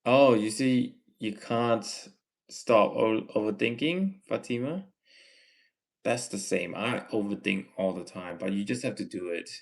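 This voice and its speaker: A man with a Malaysian English accent, reading chat messages aloud on his livestream and answering them in a gently lecturing way. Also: on the low side, a little slow, gravelly. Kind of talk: casual live chat Q&A.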